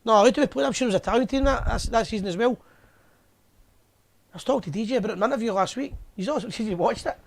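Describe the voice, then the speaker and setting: A man's voice: very high-pitched, rapid-fire, gravelly. A Scottish man hosting a fan live show, chatting in a casual, jokey, bantering way. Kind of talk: casual chat.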